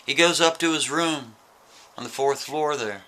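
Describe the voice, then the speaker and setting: A man's voice: fairly high pitch, a little slow, sharp tone. A man telling a story in a casual, chatty way, often checking in with the listener with "right?" asides.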